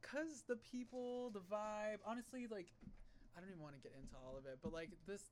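High-voiced young man, earnest. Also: a little fast, noisy background. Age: young adult. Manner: laughs easily, earnest when talking about art. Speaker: podcast guest. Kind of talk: casual chat.

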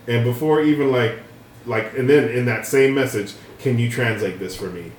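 A young man co-hosting a podcast, chatting casually and telling stories animatedly, swearing and jumping his voice high when he quotes people. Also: normal speed. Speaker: podcast co-host. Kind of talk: casual chat, storytelling. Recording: roomy room, voice slightly off-mic, faint noise.

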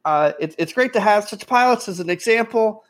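A man's voice: sits high, expressive, brisk, a bit bright, voice pushed up. A man doing a stammering eager young clerk. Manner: stammering, apologetic, overeager. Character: nervous eager young male navy clerk, about eighteen.

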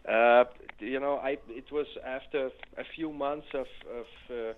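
An older man, a music producer and keyboardist, telling stories in a casual interview, rambling with restarts and growing animated. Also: medium pitch, unhurried, narrow, tinny audio, slight background noise.

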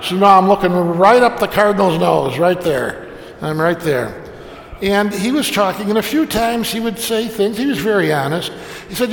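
Wry priest in an echoey hall. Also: male voice, sits high, normal speed, vocal fry. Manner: wry, self-deprecating storytelling. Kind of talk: humorous anecdote told to an audience. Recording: echoey hall with long reverb.

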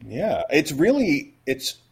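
A man's voice: fairly high pitch, wildly swooping pitch, takes it slowly, a little mellow, breathy edge. A man co-hosting a casual movie podcast, talking with enthusiasm about the acting in a film. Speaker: podcast co-host.

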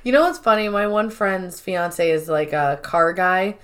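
A woman's voice: lowish voice, unhurried. A woman co-hosting a podcast, chatting casually and animatedly as she recaps a TV episode and acts out quoted lines. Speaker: podcast co-host.

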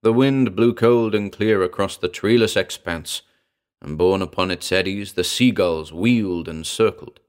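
A man's voice: low voice, measured pace, smooth. A man narrating a comic pulp story in a dry, wry storytelling manner.

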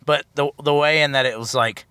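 A man's voice: fairly high pitch, steady tone, a little fast, bright, forceful tone, clear, resonant tone, dry recording. A man chatting casually about a film on a podcast, rambling and joking, recorded in a car. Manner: rambling, joking, self-correcting. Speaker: podcast co-host. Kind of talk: casual film review chat.

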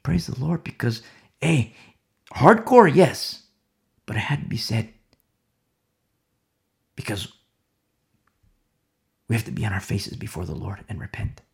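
Gravelly fervent male preacher. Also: mid-range voice, very animated, unhurried, pauses often. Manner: fervent, swings between loud exhortation and hushed whispered prayer. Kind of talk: sermon.

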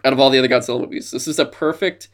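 A man's voice: medium pitch, fairly even intonation, racing. Male podcast co-host, casual chat, eager storyteller with playful bits of voice acting. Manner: enthusiastic retelling of movie scenes, slipping into silly voices.

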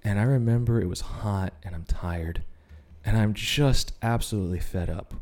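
This podcast guest shares his faith testimony as a heartfelt story in a relaxed chat, performing quoted speech along the way. He has a lowish, somewhat dark voice and speaks at an ordinary speed.

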